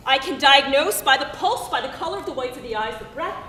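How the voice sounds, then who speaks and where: A woman's voice: sits high, expressive, quick pace, pushed and bright, a little hiss or hum. A fiery, grieving woman on stage. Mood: defiant. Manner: swears, sarcastic, pleading. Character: grieving fiery woman, sharp-tongued and sarcastic. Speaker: stage actor. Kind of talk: live stage drama. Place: theater stage. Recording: roomy stage sound from a distant mic.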